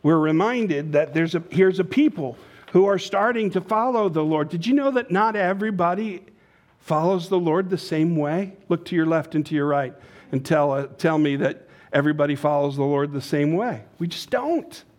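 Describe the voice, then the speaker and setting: Conversational male preacher, slightly high voice. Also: animated, moderate pace, a little mellow. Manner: conversational preaching with joke-telling asides. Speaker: pastor. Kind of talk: sermon.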